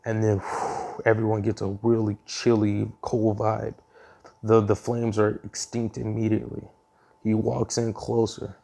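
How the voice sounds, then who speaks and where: A man with a gravelly, mellow voice tells a fan story off the cuff. He rambles and restarts often, filling gaps with ums. His tone stays casual throughout. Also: fairly low pitch, completely flat delivery, a little slow.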